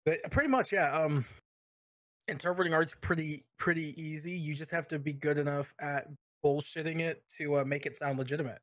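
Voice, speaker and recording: A young man co-hosting a podcast, telling a story in casual, crude talk with halting restarts. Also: fairly high pitch, steady tone, fairly bright tone, dry recording. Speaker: podcast co-host.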